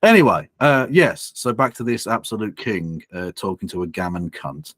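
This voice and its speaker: A man's voice: lowish voice, big pitch swings, moderate pace, fairly bright tone, dry recording, clean studio sound. A man co-hosting a casual livestream and reacting to clips, sweary and sardonic. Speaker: streamer reacting to a video.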